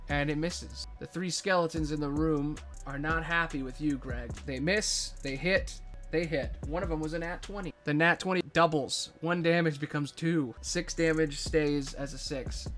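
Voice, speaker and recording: A man narrating as game master of a tabletop game, casual with dramatic pauses. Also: a little high, steady tone, fairly bright tone, soft background music.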